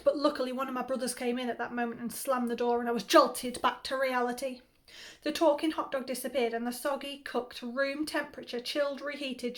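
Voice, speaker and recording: A woman, a primary school teacher, reading a funny children's story aloud with animated, playful timing. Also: fairly high pitch.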